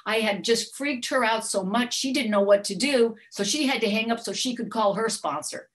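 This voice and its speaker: A woman's voice: a little high, normal speed. A middle-aged woman telling a candid personal recovery story, acting out her own outbursts as she goes. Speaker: workshop speaker sharing her story.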